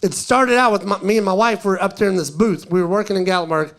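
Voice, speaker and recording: A middle-aged East Tennessee man with a Southern accent performs a stand-up comedy set at a quick pace. He tells stories and acts out tourists by switching to a higher voice.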